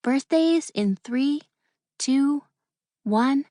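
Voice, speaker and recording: A woman voicing a calm young girl directing a school broadcast, giving crisp commands. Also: high voice, drawn-out words, dry recording, clean studio sound, voice pushed up. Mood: cool.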